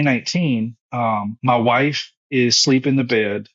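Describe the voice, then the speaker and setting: Man, thirties, earnest storyteller, mid-pitched voice, slightly muffled recording. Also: takes it slowly, hardly any pauses, a bit bright. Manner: earnest, emotional storytelling with repetitions. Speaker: guest, foundation founder and former pastor. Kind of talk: personal story in interview.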